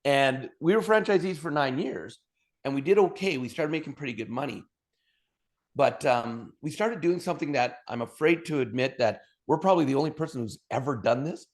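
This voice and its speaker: A man from Alberta, a podcast guest telling his story with high energy and humor and acting out bits of dialogue. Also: expressive, fairly quick, a little mellow. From Alberta, Canada. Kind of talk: storytelling interview talk.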